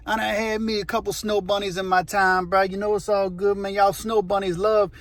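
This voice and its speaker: A man's voice: sits high, flat delivery, a little fast, no echo. A man voicing a laid-back, teasing male convict who talks in drawling street slang and repeats words. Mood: boasting.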